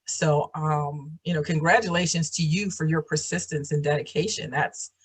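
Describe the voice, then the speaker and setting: Woman, husky voice, program host, casual encouraging chat, video call. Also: low voice, steady tone, moderate pace. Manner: encouraging, many fillers and restarts.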